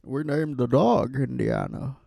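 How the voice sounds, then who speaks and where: Laid-back male co-host, unhurried delivery, gravelly fry in the voice. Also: medium pitch, warm tone. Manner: laid-back, drawn-out, laughs often. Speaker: podcast co-host. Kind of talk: casual chat.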